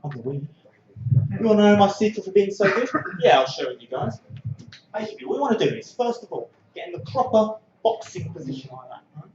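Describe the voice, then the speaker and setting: A man with a high, lively voice performs a stand-up comedy set, chatting casually and then bursting into shouts when he acts out a scene. His voice sounds roomy and a little muffled, as if caught in a small club. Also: fast talker, slight background noise.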